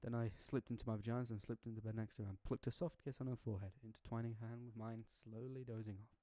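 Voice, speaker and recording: Young man, story reader, mellow dark tone, dry close sound, slangy jokey asides. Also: medium pitch, steady tone, fast talker, dry recording. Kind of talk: reading a fan story aloud with asides.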